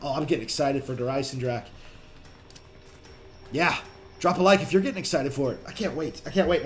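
A young man casually commenting on his own gameplay as a channel host, chatty and excitable, swearing when things get tense. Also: medium pitch, a little fast, pauses often, a little hiss or hum.

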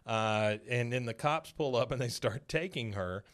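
A man's voice: mid-range voice, normal speed, fairly bright tone. A man hosting a podcast, casually recapping a cartoon episode and quoting its characters in passing voices. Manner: retells scenes, quoting characters in light put-on voices. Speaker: podcast host.

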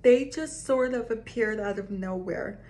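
A woman's voice: medium pitch, dark tone. Woman reading spooky stories to her audience, taking her time, with small reactions between lines. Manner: slow, reads aloud with asides and reactions. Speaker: storyteller reading creepy stories. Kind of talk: casual reading of scary stories to viewers.

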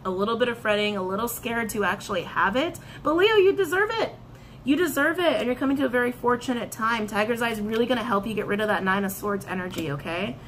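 A woman reading tarot and crystal meanings, animated, repeating her phrases and breaking into excited outbursts. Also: mid-range voice, fast talker, hardly any pauses, a little hiss or hum. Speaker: tarot reader.

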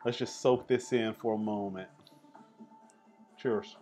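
A man hosting a casual art appreciation vlog, talking in a relaxed, chatty, enthusiastic way. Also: on the low side, slow pace, soft background music. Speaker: host.

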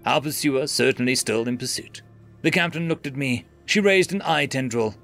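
A man's voice: medium pitch, moderate pace, creaky, a bit bright, faint music behind. A man narrating a scripted science fiction story in a dramatic, dry manner.

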